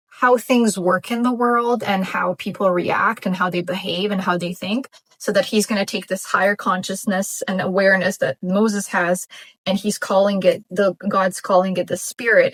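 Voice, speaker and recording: A woman's voice: mid-range voice, no room sound, rough recording. A woman vlogger reflecting on her Bible reading in casual commentary, thinking aloud with fillers and restarts. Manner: thoughtful, musing, frequent fillers and restarts.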